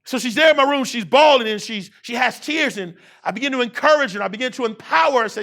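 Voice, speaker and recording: Keynote speaker, man around forty: high bright voice, rousing call-and-response delivery. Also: fast, gravelly. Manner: repetitive preaching cadence. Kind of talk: motivational keynote speech. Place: university event hall.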